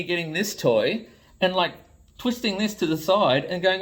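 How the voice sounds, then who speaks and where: A man's voice: high-pitched, expressive, a little slow, a bit bright. An Australian man, a toy designer, ranting to camera in an exasperated, blunt way and swearing freely. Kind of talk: ranting vlog commentary.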